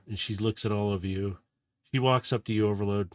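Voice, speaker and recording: A man running a tabletop game as game master, narrating softly and losing his voice. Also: fairly low pitch, fairly even intonation, normal speed, no echo, studio quality.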